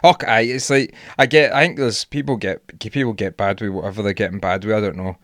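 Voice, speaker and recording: A man's voice: fairly low pitch, fast talker, dry recording. Ranting Scottish man, dry close sound. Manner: animated ranting storyteller, lots of swearing. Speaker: podcast co-host. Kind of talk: casual sweary podcast chat.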